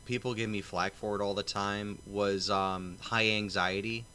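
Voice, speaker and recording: A man's voice: fairly low pitch, flat delivery, a little slow, pushed and bright, clean tone. A man co-hosting a casual chat, rambling through anecdotes and retelling stories in quoted voices. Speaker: podcast co-host.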